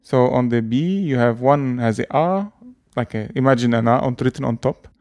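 A man's voice: mid-range voice, normal speed, darkish tone, no room sound. Hesitant man explaining, dry sound. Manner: hesitant, many fillers and restarts. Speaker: language teacher. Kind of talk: casual explaining.

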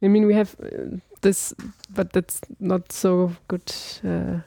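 Woman, tentative learner, flat monotone delivery, dry recording. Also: lowish voice, slow, vocal fry, no echo. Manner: tentative, thinking aloud. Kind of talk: casual chat.

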